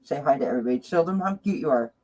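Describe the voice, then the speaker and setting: A woman's voice: a bass voice, animated, very fast, darkish tone, husky. A woman hosting a casual live tarot stream from home, chatting affectionately with viewers by name. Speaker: tarot reader and channel host.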